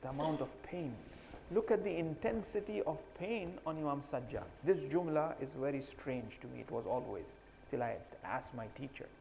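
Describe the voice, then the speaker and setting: A man's voice: on the high side, lively intonation, normal speed, creaky, hardly any pauses, a little mellow. A man preaching a mourning sermon, telling a sorrowful story with rising, impassioned delivery. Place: mosque hall. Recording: long hall reverb.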